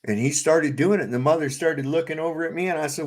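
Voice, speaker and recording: Quick-paced and a little high in pitch, a middle-aged man tells stories on a casual podcast he co-hosts. He's blunt and profane, with a ranting delivery.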